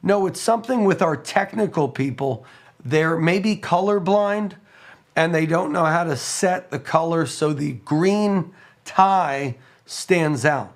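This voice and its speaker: A hoarse man hosts a call-in radio show. He chats loosely and reads listener notes aloud in a slightly raised voice. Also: on the high side, slow.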